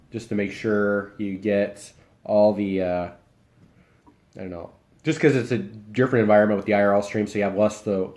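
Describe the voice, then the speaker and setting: A young man from Iowa, chatting casually with his live stream viewers and answering their comments while he eats. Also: fairly low pitch. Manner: relaxed, rambling, talks while eating.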